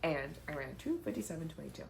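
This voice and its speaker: Low-voiced young woman chatting casually. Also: very animated, fast, vocal fry, a little mellow. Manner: chatty and heartfelt, many "like" fillers. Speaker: vlogger, marathon runner. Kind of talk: casual sit-down chat. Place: indoors, sitting down. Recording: faint background noise.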